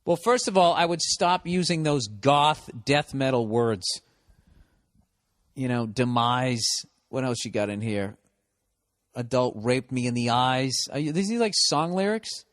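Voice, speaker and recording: A man's voice: medium pitch, sing-song, unhurried, a bit bright, no room sound, studio quality. A man with a Boston accent, hosting a podcast and reading listener mail in a sarcastic, mocking, profane comedic rant. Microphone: studio podcast mic.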